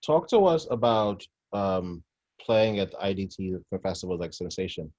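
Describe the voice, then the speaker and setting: Deep-voiced male interviewer on a lo-fi mic. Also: lively intonation, normal speed, darkish tone. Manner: brief encouraging interjections. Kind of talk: casual interview chat. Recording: dull, lo-fi sound.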